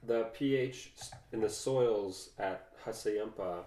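A young man, a first-time winemaker, chatting casually and technically about his wine with fillers and pauses. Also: lowish voice, warm tone. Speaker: winemaker guest. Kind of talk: casual chat. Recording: echoey room.

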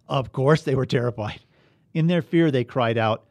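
A man's voice: mid-range voice, normal speed, a little mellow, no echo. Man, bible study teacher, earnest, emphatic, reads scripture aloud, mid-range voice, dry close sound.

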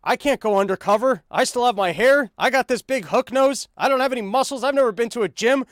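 A man's voice: very high-pitched, brisk, dry recording, studio quality, pitched above the performer's own voice. A man voicing a panicky, nerdy young man who whines and stammers as he pleads.

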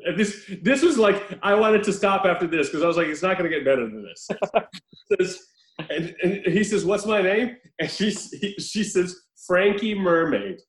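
A man with a slightly high voice retells a film in casual chat, acting out the lines with animated, profane energy. His voice rings in an echoey room. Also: normal speed.

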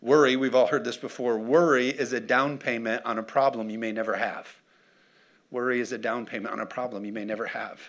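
A man's voice: medium pitch, fairly even intonation, fairly quick, a bit bright. A man preaching a conversational sermon who keeps checking in with his congregation and asks for responses. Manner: conversational, calls for audience responses. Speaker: pastor.

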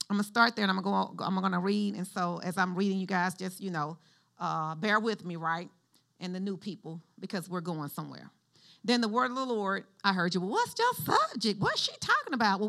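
Bright-voiced woman pastor preaching. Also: medium pitch, gravelly. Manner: lively call-and-response with the congregation; conversational, shifts between preaching and chatty asides. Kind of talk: sermon.

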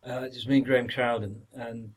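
An older man with a northern English Yorkshire accent, an actor on a podcast, shares rambling interview anecdotes, repeating words and sometimes voicing other people's remarks. His medium-pitched delivery is fairly quick and fairly even in intonation, with background noise behind him.

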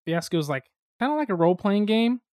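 A man from the United States, co-hosting a podcast, telling board-game stories in a lively, chatty way with sudden fast bursts. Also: high voice, no room sound, clean studio sound. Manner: animated storytelling, quick bursts of speed. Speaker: podcast co-host. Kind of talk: casual chat about board games.

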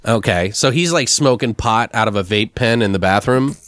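A man's voice: on the low side, moderate pace, a bit bright, no echo, studio quality. A man in casual conversation, brainstorming a story plot and rambling with lots of "like" and restarts.

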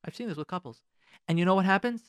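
Animated preachy New man. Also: sits high, fast talker, clean tone, no echo. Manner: preachy, lots of rhetorical questions and repetition. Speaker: marriage advice speaker. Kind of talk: radio talk, moral advice to couples. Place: radio studio.

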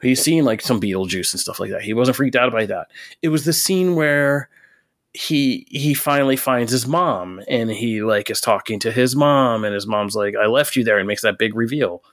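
A man's voice: mid-range voice, normal speed, dry recording. A man in his thirties co-hosting a film podcast, telling stories in a profane, ranting way during casual chat. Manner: profane, ranting, animated storyteller.

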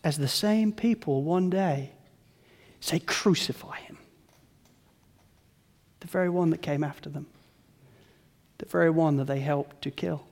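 A high-pitched man preaching in a big reverberant hall. He swings from hushed near-whispers to loud, pleading cries, acting out the voices in his sermon.

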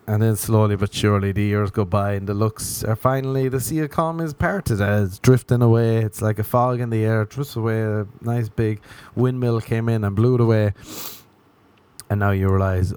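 A man's voice: on the low side, steady tone, fairly quick, darkish tone, smooth. A man with an Irish accent hosting his own podcast, rambling through a self-mocking comic monologue and slipping into acted inner voices. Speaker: podcast host.

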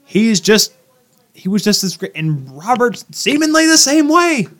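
A young man co-hosting a casual sports podcast, loud and ranting as he argues and jokes with his friend. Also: high-pitched, very animated, unhurried. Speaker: podcast co-host.

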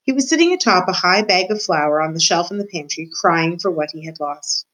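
A woman teacher reading a children's book aloud to her class, warm and expressive in her storytelling. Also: fairly low pitch, brisk, poor audio.

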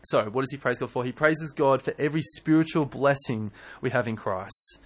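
A young man preaching a sermon in church, earnest and animated, often restarting his words. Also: medium pitch, moderate pace. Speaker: pastor.

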